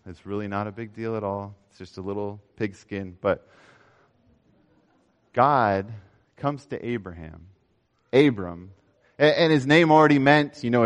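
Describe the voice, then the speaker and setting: A young man preaching a sermon, telling a story with animated swings between raised emphasis and quiet asides. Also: medium pitch. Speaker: pastor.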